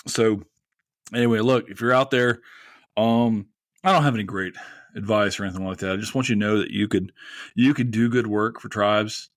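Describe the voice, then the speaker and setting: A man's voice: lowish voice, no echo. A man hosting a podcast in a casual, rambling and heartfelt monologue, close to tears. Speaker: podcast host.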